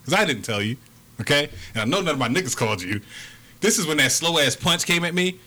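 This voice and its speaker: Bright-voiced young man telling a wild story. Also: on the high side, quick pace. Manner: profane, animated, acts out quotes. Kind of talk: casual storytelling among friends.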